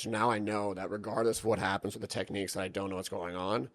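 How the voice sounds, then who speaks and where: Low-voiced young man telling rambling stories. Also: flat delivery, fast talker, hardly any pauses. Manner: rambling storytelling, heavy swearing, lots of "like". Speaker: podcast guest, jiu-jitsu athlete. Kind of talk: casual podcast chat.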